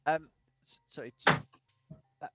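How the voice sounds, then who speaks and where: A man's voice: unhurried, pushed and bright, dry recording, soft background music. Stammering man player. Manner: stammering, apologetic. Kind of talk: tabletop role-play chat.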